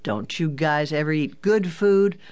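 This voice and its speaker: An audiobook narrator voicing a kind, teasing father who sounds calm and fatherly. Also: medium pitch, unhurried, smooth, lightly acted. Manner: calm, fatherly, gently joking. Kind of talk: audiobook character voice.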